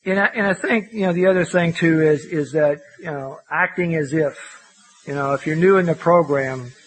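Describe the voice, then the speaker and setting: A man's voice: a little high, normal speed, rough recording. Older man, folksy recovery meeting storyteller, slightly raised voice. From Louisville, Kentucky. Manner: folksy storytelling, frequent "you know" and self-mocking laughs. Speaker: AA speaker.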